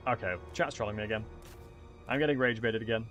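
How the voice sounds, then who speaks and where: Faint music plays as an English man, his voice fairly low and a bit bright, talks fast over a strategy game stream. His casual gameplay commentary to viewers wanders, heavy on fillers and restarted sentences.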